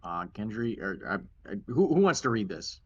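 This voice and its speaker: A man narrating a tabletop game as dungeon master, relaxed and halting, with restarts. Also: fairly low pitch, slightly rough, lo-fi sound.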